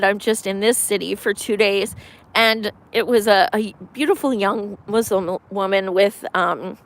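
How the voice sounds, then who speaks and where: A woman from Pennsylvania, a campaign volunteer, chatting casually on a live stream, emphatic and excited, swearing, with lots of ums. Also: medium pitch. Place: outdoors in winter.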